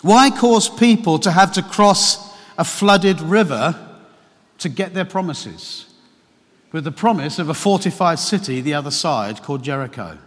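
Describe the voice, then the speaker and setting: A man preaching a sermon to his church, telling a personal story with animated, emphatic questions. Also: a little high, unhurried. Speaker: pastor. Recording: long hall reverb.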